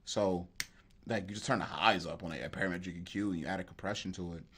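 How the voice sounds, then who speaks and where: A man's voice: low-pitched, fast, fairly bright tone, breathy edge. A man producer giving a casual livestream tutorial, answering chat in a laid-back, slangy way and talking straight to viewers. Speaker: beat producer. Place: home music studio.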